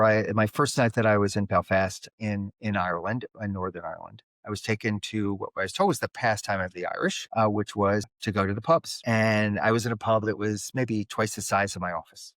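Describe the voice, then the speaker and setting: A man with a Philadelphia and South Jersey accent and a slightly high, nasal voice, telling stories as a guest in an interview. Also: fairly quick, hardly any pauses, dry recording. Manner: animated storyteller who acts out the other people in his stories. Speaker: guest, conflict mediator. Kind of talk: storytelling interview talk.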